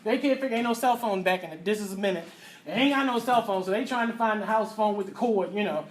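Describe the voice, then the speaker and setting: A middle-aged woman, telling a personal story as a mother. She talks in a lively way, acting out voices and sound effects with loud bursts. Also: medium pitch, fast. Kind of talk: animated storytelling to an audience.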